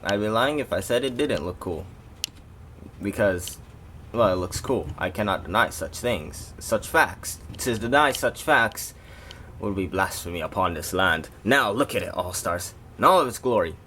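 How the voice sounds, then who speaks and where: A man's voice: lowish voice, expressive, normal speed, bright, forceful tone, slight background noise. Rambling man reviewing a toy. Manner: rambling, self-interrupting, jokey asides to viewers. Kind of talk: casual toy review vlog.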